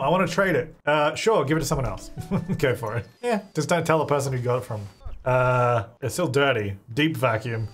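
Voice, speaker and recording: Chatty young man with a lively, bouncing voice. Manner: chatty, laughs often, mocks his characters in silly high voices. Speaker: gaming channel host. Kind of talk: casual let's-play commentary.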